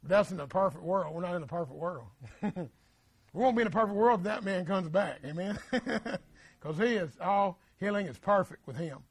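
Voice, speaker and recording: A man's voice: high voice, normal speed, slightly rough, no room sound. A man preaching a sermon in a folksy, plain-spoken way, repeating phrases and asking the congregation for agreement.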